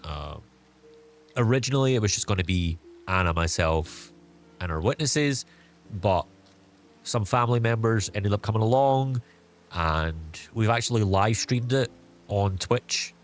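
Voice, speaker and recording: A young man chats to his viewers as a streamer, recounting a story in a loose, meandering way. His voice sits a little low, and he leans on "like" and "um" as he goes. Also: expressive, unhurried. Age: young adult. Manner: rambling, full of fillers like "like" and "um". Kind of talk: casual storytelling.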